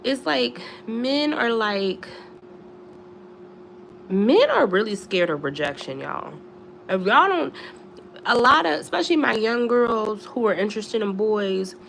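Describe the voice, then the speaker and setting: A young woman from Philadelphia telling a storytime to her viewers in casual chat, animated and chatty, jumping to squeals when she quotes herself. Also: a little high, vocal fry, slight background noise. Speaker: storytime vlogger.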